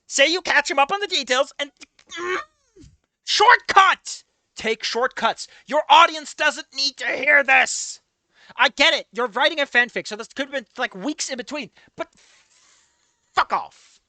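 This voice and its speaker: Woman, casual reaction commentary, exasperated, swearing, bright voice, dry close sound. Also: lively intonation, moderate pace, no echo. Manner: exasperated, swears freely, yells at characters; laughs often, trails into low mutters. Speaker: fanfic reader and commentator.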